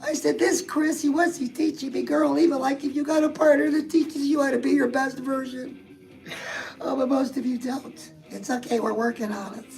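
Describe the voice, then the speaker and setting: A woman with a high voice and a gravelly, creaky edge hosts a casual motivational live stream. She chats straight to her viewers and reads their comments aloud as she goes. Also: fairly even intonation, normal speed, darkish tone, soft background music, poor audio.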